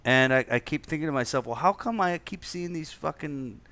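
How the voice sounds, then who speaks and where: A man's voice: a little high, lively intonation, a little fast, bright, forceful tone. Rambling, profane man from Canada. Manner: rambling, profane, many restarts. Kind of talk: casual chat.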